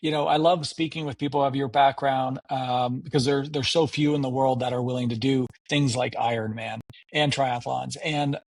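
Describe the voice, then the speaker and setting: Gravelly-voiced enthusiastic podcast host man. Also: mid-range voice, steady tone, moderate pace, hardly any pauses, no echo. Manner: enthusiastic, repeats words when starting sentences. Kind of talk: casual interview.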